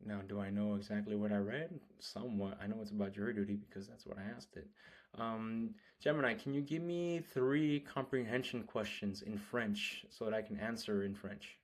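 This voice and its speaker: Man reading French aloud slowly, carefully. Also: fairly low pitch. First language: Spanish. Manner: reads French slowly and carefully, quick self-talk between lines. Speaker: language learner. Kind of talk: reading practice with casual asides.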